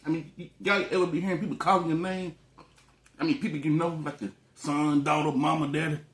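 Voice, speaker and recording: Profane, rambling man, slightly high voice. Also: little pitch movement, a little fast, a bit bright. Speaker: vlogger. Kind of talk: casual storytelling while eating on camera. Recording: echoey room.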